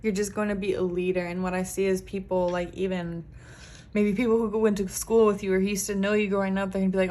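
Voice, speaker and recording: A woman's voice: mid-range voice, little pitch movement, fast. A woman giving a pick-a-card tarot reading as a psychic reader, talking earnestly and emphatically with frequent "like".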